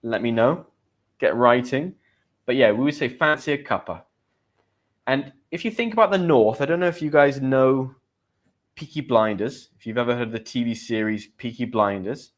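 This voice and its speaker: A man's voice: mid-range voice, moderate pace. A man with a British accent teaching English in a live stream. He chats casually with viewers, greeting them and reading their comments aloud. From Great Britain.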